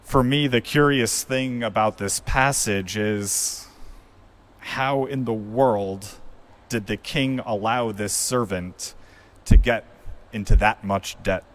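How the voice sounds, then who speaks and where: A male pastor delivering a sermon in an unhurried, measured way. His voice sits on the low side, and he tells the story reflectively, taking his time.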